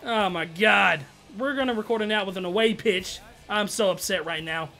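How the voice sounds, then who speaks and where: A man giving casual, slangy commentary over his own gameplay, excitable and trash-talking, with loud outbursts. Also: high voice, normal speed, gravelly. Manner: slangy, keeps saying bro and dog. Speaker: gaming YouTuber.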